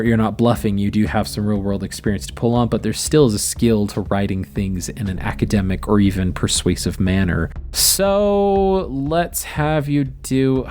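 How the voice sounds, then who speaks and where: Man narrating a tabletop game. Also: medium pitch. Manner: lively, playful narration. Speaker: game master.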